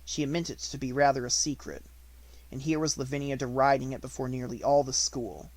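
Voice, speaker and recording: A man narrating a children's classic in an even, measured reading. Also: mid-range voice. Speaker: audiobook narrator. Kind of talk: unabridged audiobook reading.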